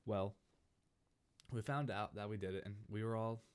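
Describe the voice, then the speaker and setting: A young man from California telling a casual storytime over gameplay, rambling and animated, with many restarts. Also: lowish voice, moderate pace, clean tone. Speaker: gaming channel host.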